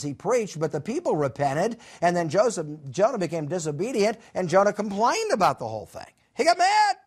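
A middle-aged man with a high-pitched voice teaches a college Bible class. He tells the story with lively energy and slips into characters' voices with big jumps in pitch. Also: husky. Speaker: professor.

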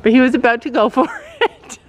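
Here a vlogger mom talks from a horse barn, chatty and encouraging, wandering from point to point in this relaxed family vlog. Her voice sits high and moves briskly. Audio quality is poor.

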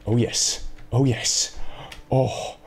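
Low, mellow-voiced man, a let's player muttering sarcastic, profane commentary at his desk mic. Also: a little hiss or hum. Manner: sarcastic, rambling talk to himself with frequent swearing. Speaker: let's play gamer. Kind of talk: gameplay commentary.

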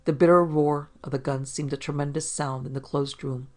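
A man narrating a hard-boiled detective story in a steady, measured reading. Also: fairly high pitch.

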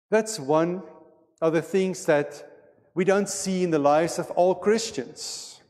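Slow, measured preacher in a reverberant church. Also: male voice, high voice, darkish tone. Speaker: pastor. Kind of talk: sermon. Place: church sanctuary. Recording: long reverb of a church hall.

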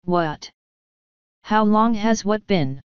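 A woman's voice: mid-range voice, lively intonation, takes it slowly, clear, resonant tone, dry recording, lo-fi sound. A woman voicing a nervous, cowardly male wizard, asking flustered questions in a storybook reading. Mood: confused.

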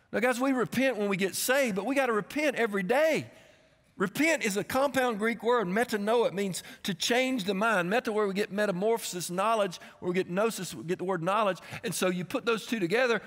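A man preaching a sermon as a guest pastor, his voice sitting high for a man. He tells stories and builds to shouts at the peaks. The sound rings with the long echo of a church hall. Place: church sanctuary.

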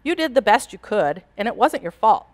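A woman playing a gentle wise little fairy. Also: on the high side, sing-song, normal speed. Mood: tender. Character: gentle kind female fairy, small and wise.

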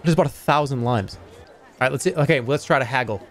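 A man streaming a video game, talking his way through it with sudden yelps, swearing and bursts of excitement, and sometimes reading the game's dialogue aloud. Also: medium pitch, brisk, soft background music. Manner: excitable, swearing, yelps and shouts when things go wrong. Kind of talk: live gameplay commentary.

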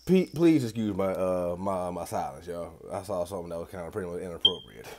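Low-voiced young man. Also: expressive, a little fast, heavy background noise. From Atlanta, USA. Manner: loose, slangy and profane, talks straight to viewers. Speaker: vlogger. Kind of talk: casual rambling vlog.

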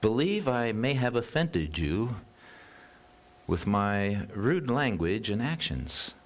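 A man's voice: on the low side, very animated, slow. A man voicing a prim male parrot that apologizes in stiff, formal language. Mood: mock remorseful.

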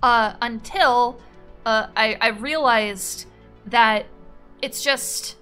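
A woman streamer talks with a bright, tense edge, taking her time and dragging her words out lazily. she is playful and swears a lot while reading chat aloud and thanking subscribers. faint music plays behind her. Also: on the high side, drawn-out words, smooth. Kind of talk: casual live-stream chat.

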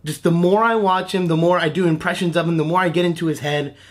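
A young man in his twenties with a high voice chats to camera as a voice actor hosting his own channel. He gushes excitedly, laughing and tripping over his words as he talks. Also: fast talker. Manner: gushing, excitable, breaks into laughs and restarts. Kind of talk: casual reaction vlog to camera.

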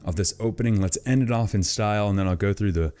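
A man chatting casually to viewers as he opens trading card packs, rambling and bursting into excited gushing over good pulls. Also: lowish voice, quick pace, clean tone. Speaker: card-opening YouTuber. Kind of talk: casual unboxing commentary.

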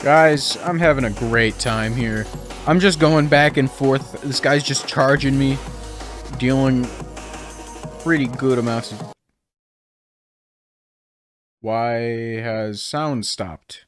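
A man's voice: mid-range voice, slow, pauses often, faint music behind. A young man giving casual, rambling, jokey commentary while playing a video game. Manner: rambling, jokey, self-mocking. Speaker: gaming video creator.

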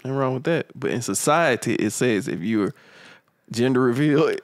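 A man's voice: medium pitch, animated, moderate pace, no room sound, clean studio sound. A man co-hosting a casual podcast chat, joking around and playful. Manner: joking, playful, jumps into goofy voices. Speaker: podcast co-host.

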